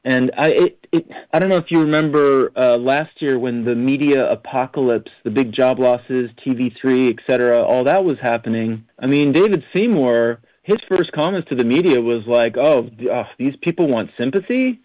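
A man's voice: medium pitch, normal speed, few pauses, dry recording. Nz guy being interviewed, keeps restarting, critical, dull lo-fi radio sound. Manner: animated, restarts often, critical. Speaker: interview guest. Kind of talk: casual interview answers.

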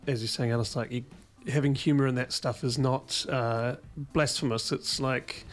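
Man, radio co-host, easygoing, hesitant, average pitch, studio chat. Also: fairly even intonation, normal speed, soft background music. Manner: easygoing, hesitant, many fillers. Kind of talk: studio interview.

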